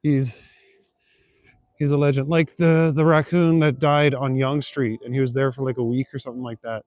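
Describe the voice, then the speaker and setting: A man's voice: mid-range voice, level tone, normal speed, a little mellow, dry recording. Laid-back young man streaming on night walk. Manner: laid-back, chuckling, rambling with many fillers. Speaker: livestreaming vlogger. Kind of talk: casual chat, reading and answering viewer comments. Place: city streets at night, outdoors.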